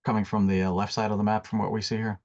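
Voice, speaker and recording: A man with a lowish voice plays in a tabletop game, practical and quick to joke. His mic sounds dull and lo-fi. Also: little pitch movement, a little mellow. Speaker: player. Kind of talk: casual tabletop game chat.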